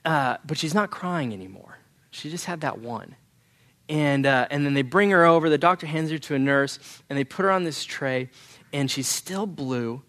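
A young adult man preaching a sermon, telling a personal story in an earnest, halting way and often clearing his throat. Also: fairly high pitch, fairly bright tone. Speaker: pastor.

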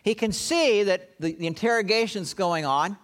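A man preaching a sermon, retelling a story with dramatic pauses and acting out the quoted lines. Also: sits high.

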